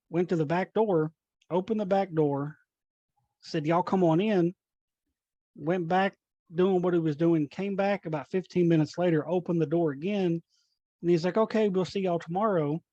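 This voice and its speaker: Man telling animated ghost stories. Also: a little high, no room sound. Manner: animated, acts out quoted dialogue. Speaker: paranormal investigator guest. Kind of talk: casual storytelling. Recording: dull dry sound.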